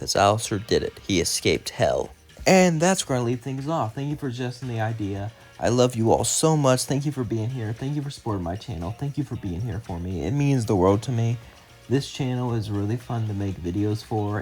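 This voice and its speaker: A young man with a low voice rambles through a casual fan story as his channel's narrator. His run-on narration leans heavily on "as" and "would say," and the outro gets chatty and filler-laden.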